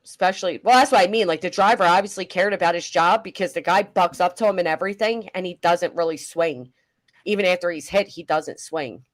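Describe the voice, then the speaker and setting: A middle-aged woman hosting a casual reaction chat, chatty and animated, swearing casually. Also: on the low side, a little fast. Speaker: commentary host.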